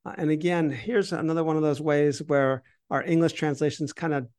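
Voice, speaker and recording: A man with a slightly higher voice talks through a Bible passage in conversation. He keeps reading verses aloud with emphasis and stops to explain them, with some restarts along the way. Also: fairly even intonation, fairly quick, a little mellow, clear, resonant tone. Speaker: Bible podcast co-host.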